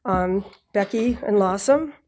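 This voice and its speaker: A woman with a Boston accent from Massachusetts giving a prepared speech at a graduation ceremony, a little nervous, clearing her throat now and then and dropping in joking asides. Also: mid-range voice, a little slow, a little mellow. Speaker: graduate speaker. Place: ceremony with live audience.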